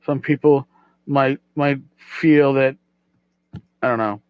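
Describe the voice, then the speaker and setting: A man's voice: mid-range voice, steady tone, slow, clear, resonant tone, no room sound, lo-fi sound. Rambling middle-aged male podcast host. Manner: rambling, self-deprecating, repeats words. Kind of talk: casual solo podcast talk.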